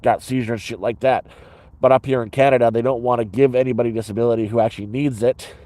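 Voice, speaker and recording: A man's voice: mid-range voice, steady tone, fast, mellow, no room sound. A man vlogging from inside his sleeping bag, telling a story in a blunt, profane, rambling way with many restarts. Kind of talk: casual rambling storytelling to camera.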